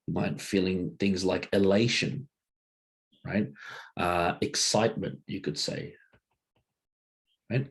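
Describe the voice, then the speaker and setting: Husky deep-voiced man teaching casually. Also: slow pace, pauses often. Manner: loose and conversational, many fillers and rhetorical "right?"; drawing a diagram while explaining. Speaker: workshop presenter.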